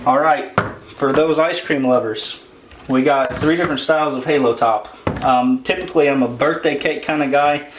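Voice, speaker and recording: A man co-hosting a casual grocery haul vlog, talking in a relaxed, rambling way with lots of fillers. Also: mid-range voice, normal speed. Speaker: vlog co-host. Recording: roomy echo, faint noise.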